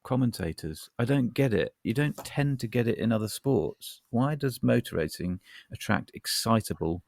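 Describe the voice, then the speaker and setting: A man's voice: medium pitch, expressive, normal speed, vocal fry, a little mellow. A man co-hosting a podcast, telling rambling, wry anecdotes with plenty of asides. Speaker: podcast co-host. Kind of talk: casual chat.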